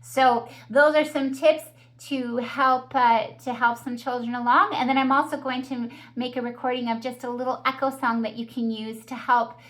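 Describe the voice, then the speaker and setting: A woman's slightly high voice carries a calm, instructional talk on early childhood music. She explains things patiently and practically, like a teacher guiding other teachers. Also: moderate pace, few pauses.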